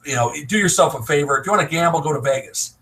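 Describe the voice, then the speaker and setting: American guy on a video call, kinda high voice, pushy advice, laughs a lot. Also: animated, fast talker, fairly bright tone, low-quality recording. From United States. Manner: emphatic, advice-giving, laughs often. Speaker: online business promoter. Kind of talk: casual live video chat.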